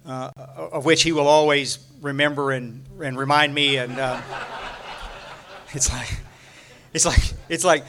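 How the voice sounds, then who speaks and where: An older man with a Texan accent, telling rambling, humorous stories to a retreat audience, full of halting restarts and fillers. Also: on the high side, steady tone, background noise. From Texas. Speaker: recovery retreat speaker. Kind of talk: rambling humorous storytelling talk. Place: room at a retreat, talking to a live audience.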